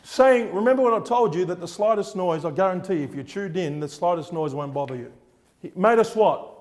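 A man's voice: sits high, expressive, brisk, darkish tone. A man preaching a fervent sermon, repeating words for emphasis and quizzing his listeners on scripture. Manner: fervent, repetitive, quizzes the congregation.

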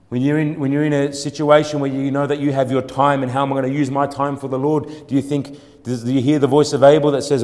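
A man preaching a sermon. He moves between quiet, reflective passages and loud, building exhortation full of repeated rhetorical questions. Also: medium pitch, steady tone, quick pace. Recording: long hall reverb.

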